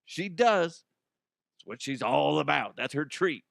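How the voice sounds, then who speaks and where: A man's voice: a little high, big pitch swings, a little slow, vocal fry, a bit bright, no room sound, clean studio sound. A man hosting a comedic podcast, telling stories in a loose monologue, swearing often and laughing at his own jokes. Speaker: podcast host.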